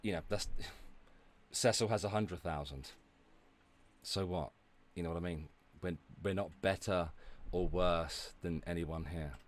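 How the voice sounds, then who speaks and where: A man's voice: low-pitched, unhurried. A man streaming, ranting and talking back to his chat, sweary and sarcastic. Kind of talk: ranting livestream commentary.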